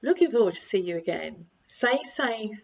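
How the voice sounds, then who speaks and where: An older woman, a parenting coach, giving calm advice to camera and acting out bits of dialogue. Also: mid-range voice, moderate pace, gravelly. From United Kingdom. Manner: calm, repetitive, acts out quoted dialogue. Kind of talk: direct-to-camera advice talk. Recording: slightly dull lo-fi recording.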